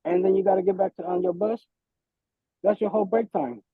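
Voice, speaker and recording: A man's voice: high voice, fairly even intonation, brisk, slightly rough, dry recording. A man, a bus operator, giving an emphatic, frustrated public comment at a transit board meeting. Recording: tinny phone-like sound.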